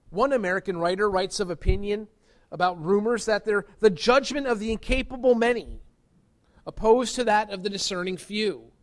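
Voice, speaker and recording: A man preaching a sermon as pastor, earnest and emphatic, pressing his points with rising stresses. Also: high-pitched.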